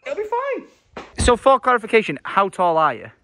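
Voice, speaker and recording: Here is a joking man in his thirties chatting in a car, teasing his friends as he goes. His voice sits high and swings widely up and down. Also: huge pitch swings, normal speed, bright, forceful tone, slight background noise. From England. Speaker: vlogger and host. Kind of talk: casual chat. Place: inside a car in traffic.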